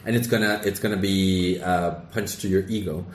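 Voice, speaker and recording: A man's voice: deep voice, fairly even intonation, moderate pace, roomy sound. A man hosting a casual podcast who rambles through his points with many restarts. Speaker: podcast host.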